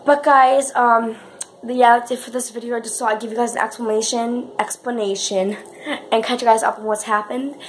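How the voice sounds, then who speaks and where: A woman's voice: on the high side, level tone, fairly quick, a little hiss or hum. A woman talking in a casual vlog, chatty and rambling, calling out to her viewers again and again. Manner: chatty, says "guys" constantly, rambling with restarts. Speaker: vlogger.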